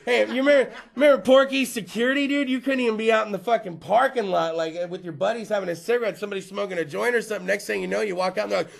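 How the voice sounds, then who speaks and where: A man's voice: high-pitched, steady tone, racing, gravelly, hardly any pauses. A man in his thirties hosting a show, ranting crudely and profanely to a small live room. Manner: crude, profane, rambling storyteller. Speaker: host. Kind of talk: stand-up style rant to a live room.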